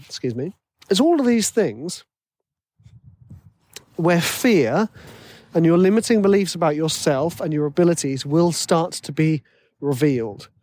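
A man's voice: a little high, expressive, measured pace, pauses often, a little mellow, no room sound, studio quality. A man talking casually and giving advice about writing music, chatty and self-deprecating. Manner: chatty, self-deprecating, acts out worried inner voices. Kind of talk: casual solo monologue.

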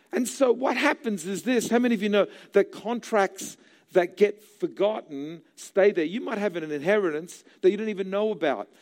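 A man preaching a sermon in church, impassioned and building to shouts at the climaxes. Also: high voice. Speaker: pastor.

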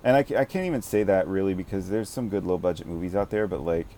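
A man co-hosting a casual film chat, talking haltingly and searching for words with many fillers. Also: low voice, dark tone, slight background noise. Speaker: podcast co-host reviewing a film.

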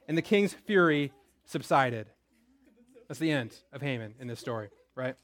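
A man's voice: mid-range voice, animated, normal speed, fairly bright tone, dry recording. A young man teaching a Bible story in a casual style who keeps checking in with "right?". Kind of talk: lively Bible lesson.

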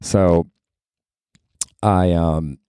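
A man in his forties from Florida telling a story on his podcast, casual and profane, jumping into high exasperated outbursts. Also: extremely slow, smooth, dry recording, clean studio sound. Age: 40s. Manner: animated, swearing, swooping up into high exasperated outbursts. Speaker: podcast host.

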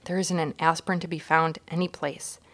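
A woman's voice: low-pitched, little pitch movement, fairly quick, fairly bright tone. A woman voicing an exasperated, helpless father in a children's storybook reading. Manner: exasperated, earnest.

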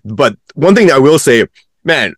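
A man's voice: medium pitch, normal speed, slightly rough, dry recording, studio quality. A young man, a DJ and podcast co-host, telling stories in casual chat and acting out quotes. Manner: animated storyteller, acts out quotes.

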